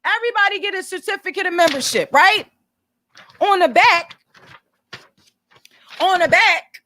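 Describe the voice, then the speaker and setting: Bright high-voiced blunt woman vlogger. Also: lively intonation, a little slow. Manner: blunt, profane, explains business details to viewers. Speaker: commentary channel host. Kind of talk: casual commentary vlog.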